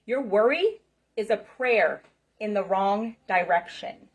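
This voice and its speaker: A woman's voice: mid-range voice, lively intonation, slow. A middle-aged woman giving an emphatic motivational talk to camera, passionate and repetitive, checking in with "okay?" and "right?". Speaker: spiritual self-help speaker.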